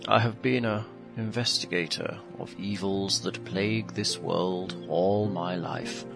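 A man's voice: low voice, fairly even intonation, measured pace, gravelly. A man voicing an elderly professor who hunts necromancers, in a grave in-character monologue over a music bed.

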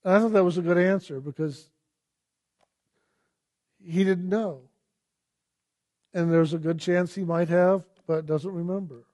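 A man giving a reflective spiritual talk, telling personal stories and asking gentle, searching questions. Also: sits high, unhurried, long pauses. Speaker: spiritual teacher.

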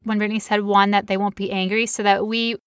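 A woman's voice: mid-range voice, level tone, fast, clear, resonant tone, no echo, clean studio sound. A woman in her thirties, co-hosting a podcast and telling personal stories in a candid, confessional way with frequent "like" fillers. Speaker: podcast co-host. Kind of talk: personal storytelling in casual chat.

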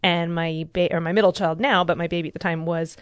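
Woman in her thirties, low voice, candid personal storytelling, dry close sound. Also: steady tone, fast talker, no room sound. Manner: candid, emotional storytelling with laughs. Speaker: discussion participant. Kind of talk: casual group discussion.

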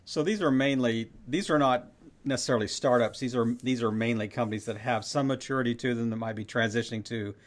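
A man's voice: mid-range voice, fast. Man hosting a casual interview. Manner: brief affirmations and short follow-up questions. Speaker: interview host.

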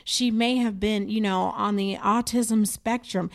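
A woman's voice: mid-range voice, fairly even intonation, a little slow. A woman co-hosting a casual discussion, talking in an impassioned, emphatic way.

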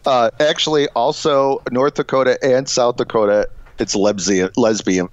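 A man's voice: medium pitch, steady tone, a little hiss or hum. Rambling middle-aged man. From Illinois. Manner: rambling, halting, with frequent fillers and chuckles. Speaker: podcast co-host. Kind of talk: casual comedic chat. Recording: dull, dry lo-fi podcast audio.

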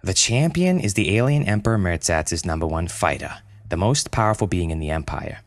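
A man voicing a middle-aged woman president who leads with steady, commanding authority in a told story. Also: deep voice, fairly quick, no echo, clean studio sound. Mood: explaining. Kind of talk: storytelling audio drama.

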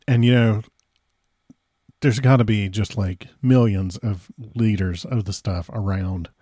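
A man with a low, dark voice reads a classic novel aloud chapter by chapter, stopping between passages for chatty, casual asides. The recording is dry and studio quality.

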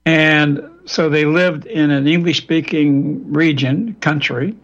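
A guest from Louisiana gives a long, wandering lecture during a radio interview over a remote line, frequently starting sentences over. He speaks slowly in a slightly high, somewhat bright voice, and the radio sound is dull and lo-fi.

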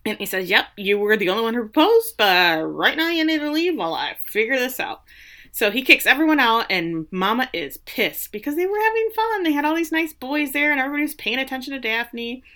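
A woman's voice: high-pitched, sing-song, a little fast, sharp tone. A woman co-hosting a casual podcast, recapping a TV episode in a wry, sarcastic way with mock voices for the characters. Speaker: podcast co-host.

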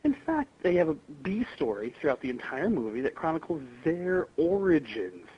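A man's voice: fairly high pitch, sing-song, moderate pace, breathy edge, highs cut off. A man calling in to a podcast with a recorded voice message, rambling and full of ums and restarts.

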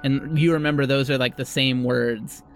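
Halting game master narrating. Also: mid-range voice, steady tone, faint music behind. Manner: halting, many restarts and fillers.

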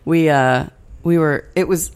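A woman's voice: low-pitched, a little slow, darkish tone, smooth. A woman co-hosting a casual chat, dry and sarcastic, swearing freely. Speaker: podcast co-host.

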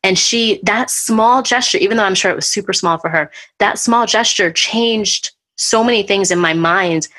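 A woman hosting a podcast, chatting casually and telling a personal story with lively, acted-out retellings. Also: medium pitch, normal speed, few pauses. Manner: animated storyteller, acts out what people said. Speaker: podcast host.

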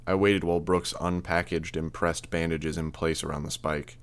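A man narrates a first-person audiobook in a steady, measured voice. His pitch sits a little low. He keeps an even, unhurried read.

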